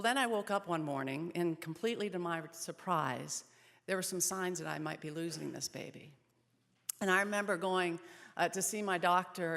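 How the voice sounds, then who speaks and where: A woman in her thirties speaks at an event, telling her own story with earnest feeling. Her voice sits low with some vocal fry. The hall around her gives it a long echo. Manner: earnest storytelling, softening in sad moments. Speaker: speaker at a pregnancy center event. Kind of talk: personal testimony speech.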